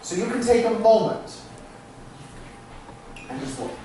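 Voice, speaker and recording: A man's voice: high voice, expressive, measured pace, dark tone, a little hiss or hum. A man performing as a stage magician, bantering playfully with volunteers and poking fun at himself. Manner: playful, self-mocking, chatty with asides. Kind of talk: comic stage patter with volunteers. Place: small theatre stage, live audience. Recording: echoey, distant live room recording.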